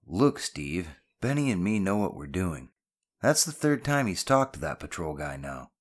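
A man voicing a bold, grinning boy who leads his friends, brash and loud. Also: sits low, very animated, normal speed, breathy edge, exaggerated voice. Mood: confident.

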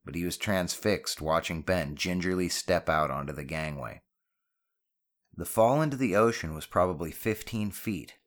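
Brief: male audiobook narrator, very low voice, steady and measured.

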